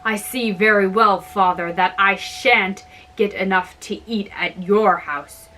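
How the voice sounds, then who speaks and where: A woman's voice: mid-range voice, fairly even intonation, slow pace, sharp tone, slight background noise, voice pushed down. Woman doing a bold young giant son. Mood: demanding.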